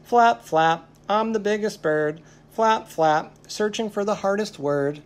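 A storyteller voicing a huge, excitable male purple bird in a children's story, with a bouncy sing-song chant. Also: mid-range voice, takes it slowly, close to an everyday voice.

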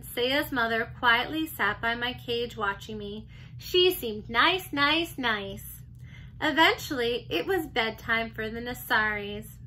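A teacher reading a children's chapter book aloud, gentle and expressive. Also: female voice, on the high side, poor audio. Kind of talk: storybook read-aloud.

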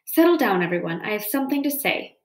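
A woman's voice: sing-song, quick pace, natural voice. A woman reading aloud and voicing a fussy male owl that hoots and screeches in alarm. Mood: announcing. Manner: hooting, shrill exclamations. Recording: roomy echo.

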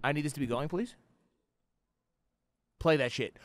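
A young man giving profane, slangy commentary on a horror game, yelling and cursing at jump scares. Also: a little high, a little slow, no echo. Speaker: gaming YouTuber. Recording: faint background noise.

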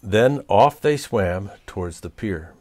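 A man reading a children's storybook aloud as storyteller, expressive and chuckling. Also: lowish voice, takes it slowly.

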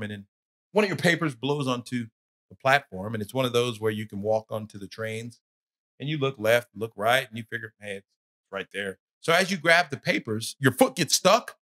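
A man teaching a Bible study, telling a dramatic story that swings between loud, intense moments and hushed, solemn ones, often repeating words as he searches for them. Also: mid-range voice. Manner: dramatic storytelling, rising to shouts and dropping to hushed tones. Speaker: church teacher.

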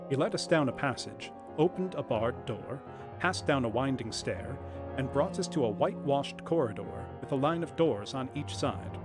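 A man narrating a classic detective story aloud, in a measured and expressive reading with a lively rise and fall in pitch. Faint music plays behind him.

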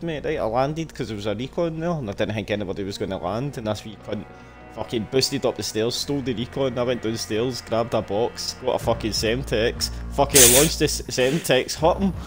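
A Scottish man streaming a game, chatting casually with heavy swearing and blunt banter. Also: mid-range voice. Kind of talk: casual gaming chat.

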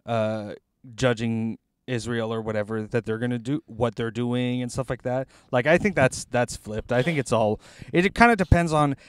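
A man of ordinary pitch co-hosting a podcast from a parked car, talking in a loose, hesitant way with lots of fillers. He laughs easily between his thoughts. The sound is close and dry, with no room around it. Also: normal speed, clear, resonant tone, no room sound. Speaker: podcast co-host. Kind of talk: casual chat. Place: inside a car.

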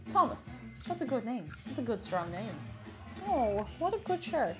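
A woman's voice: high voice, big pitch swings, normal speed, fairly bright tone, faint music behind. A young woman chatting cheerfully on a live stream while baking, greeting viewers and repeating her phrases.

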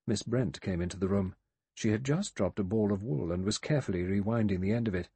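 Husky male audiobook narrator. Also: on the low side, a little fast, dark tone, no echo.

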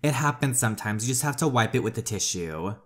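A man's voice: medium pitch, animated, fast, fairly bright tone, lightly acted. A man doing an apologetic store cashier.

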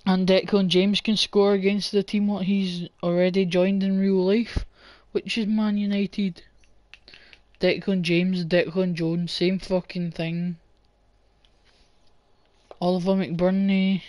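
A man's voice: high-pitched, level tone, slow, darkish tone, no echo. A man giving casual, sweary gameplay commentary and chatting with viewers as he plays. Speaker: gaming channel host.

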